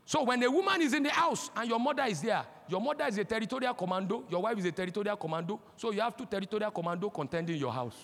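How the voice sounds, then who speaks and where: High-voiced Nigerian preacher, impassioned. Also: male voice, animated, very fast, few pauses. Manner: impassioned, breaks into shouting. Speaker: pastor. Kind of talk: sermon. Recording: long hall reverb.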